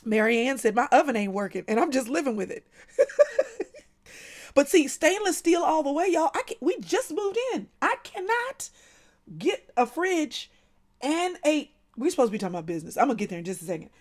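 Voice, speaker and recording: Woman host, casual livestream chat, animated and laughing, fairly high voice. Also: quick pace, few pauses. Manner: animated, laughs often, talks to viewers by name.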